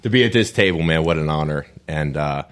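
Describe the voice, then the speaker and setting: A man with a very low voice, a guest on a podcast. He talks in an easy, upbeat way and keeps dropping "man" into his sentences. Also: lively intonation, fairly quick, clean tone. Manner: grateful, upbeat, often says "man". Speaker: guest athlete. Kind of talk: casual podcast chat.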